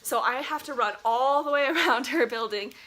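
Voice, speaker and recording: A young woman vlogger from Colorado, telling a story in a casual, animated and dramatic way, saying "like" often. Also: high-pitched, normal speed. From Colorado, USA.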